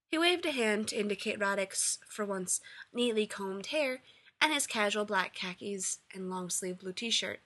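A woman narrating a story aloud with a bright, forward tone. Her pitch sits in the middle, and she reads steadily through long sentences. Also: animated, measured pace. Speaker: reader. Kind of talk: reading fan fiction aloud.

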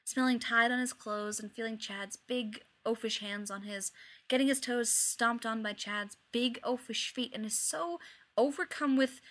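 A woman reading fan fiction aloud with wry, expressive storytelling. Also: on the high side. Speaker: reader.

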